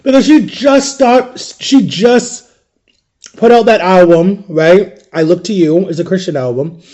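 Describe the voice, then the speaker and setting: A man's voice: high voice, a little slow, a little mellow. A man telling personal memories in a casual, chatty monologue, often adding "like" and "right?". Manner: chatty, peppers talk with "like" and "right?"; emotional, vivid retelling of memories. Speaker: vlogger.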